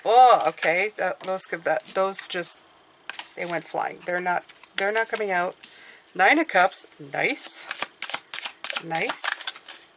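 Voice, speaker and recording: Woman, tarot reader, casual and encouraging, thinks out loud, faint noise. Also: fairly low pitch, slow pace, pauses often. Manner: chatty, encouraging, thinks aloud while drawing cards. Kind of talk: casual tarot reading to camera.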